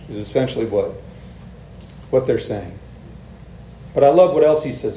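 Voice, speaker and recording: A man's voice: mid-range voice, lively intonation, normal speed, long pauses, warm tone. A man preaching a sermon in a casual, conversational way, often asking "right?" to the congregation. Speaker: pastor. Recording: echoey room with faint ambient noise.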